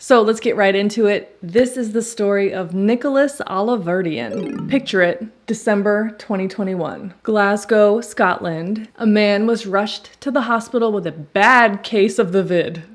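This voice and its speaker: A woman hosts a casual true crime vlog and walks through the case while doing her makeup. Her delivery is playful and conversational, with jokey asides and little laughs. Her voice sits at an ordinary middle pitch. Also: unhurried, few pauses, faint music behind. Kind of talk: chatty true crime storytelling.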